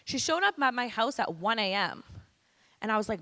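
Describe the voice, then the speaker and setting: A woman in her thirties from Canada speaks frankly to a room of students, casual and blunt. Her voice is bright and clear at a middle pitch. A long hall echo follows every line. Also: very animated, normal speed. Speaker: guest speaker. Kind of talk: personal testimony to students. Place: school presentation hall. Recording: echoey hall.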